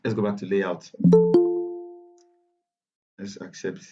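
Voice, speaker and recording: A man with a Nigerian English accent teaching a live online software class, chatty and repetitive, often correcting himself. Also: low voice, level tone, slow, lo-fi sound, over loud music. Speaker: bootcamp instructor.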